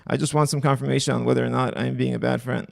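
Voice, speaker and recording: A man's voice: mid-range voice, little pitch movement, quick pace, gravelly, no room sound, clean studio sound. A young man hosting a casual livestream, reading online posts aloud and commenting bluntly with profanity. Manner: blunt, profane, offhand asides.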